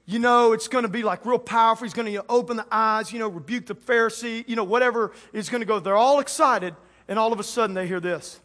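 A male pastor with a high, bright, ringing voice preaches to a live congregation. He jokes with the crowd and voices the people in his story in a playful way. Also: fast talker, hardly any pauses, a little hiss or hum. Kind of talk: lively sermon.

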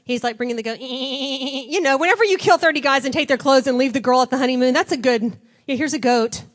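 A woman preacher giving a chatty, conversational sermon, retelling a story with lively acted-out quotes. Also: high voice, fast talker.

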